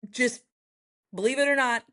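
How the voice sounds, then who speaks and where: A woman from Texas, a writer and performer, telling a personal story in an interview, acting out the voices of the people she quotes. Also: moderate pace. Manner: lively, acts out quoted voices with big pitch jumps. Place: home in Los Angeles, noise next door.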